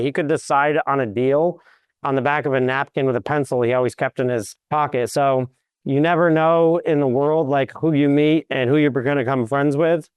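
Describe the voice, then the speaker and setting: Smooth-voiced man telling lively stories. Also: medium pitch, dry recording. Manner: lively anecdotes, acts out quotes. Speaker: commercial real estate broker, guest. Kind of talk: animated storytelling in an interview.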